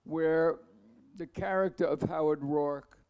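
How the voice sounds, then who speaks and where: A man giving a masterclass, telling a long anecdote in a rambling, halting way, with asides to the audience. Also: on the high side, fairly even intonation, a little mellow, clean tone. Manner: halting, many restarts and fillers. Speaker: masterclass speaker.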